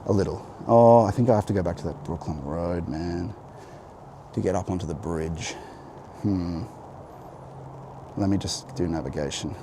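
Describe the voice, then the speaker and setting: A man's voice: low voice, normal speed, pauses often, noisy background. A man with a General Australian accent, musing aloud to viewers on a walking vlog outdoors, rambling and reflective as he navigates. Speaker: vlogger. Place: outdoors on a walk near a road, with an umbrella in the rain. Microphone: handheld camera.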